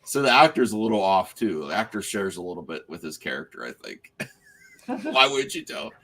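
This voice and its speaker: Man with a bright, lively chat voice. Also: low-pitched, fairly quick. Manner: animated, restarts sentences often. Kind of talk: casual spoiler chat.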